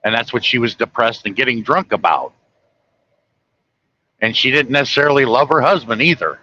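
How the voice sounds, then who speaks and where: A man's voice: medium pitch, moderate pace, bright, forceful tone, dull audio. A man driving a truck, chatting casually and folksily with viewers from the road. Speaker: truck driver livestreaming. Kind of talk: casual rambling talk to viewers. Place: truck cab on the highway.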